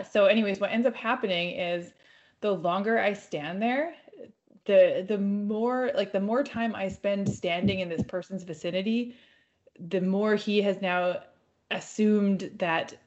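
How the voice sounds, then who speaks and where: A woman's voice: mid-range voice, unhurried, lo-fi sound. A woman co-hosting a podcast from home, telling a story in a rambling, casual way and swearing freely. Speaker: podcast co-host.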